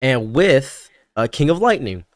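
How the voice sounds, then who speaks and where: Male guest, animated storyteller, stammers, dry booth sound. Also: medium pitch, measured pace, no room sound. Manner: rambling, animated anecdotes with stammered restarts. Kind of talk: casual storytelling chat.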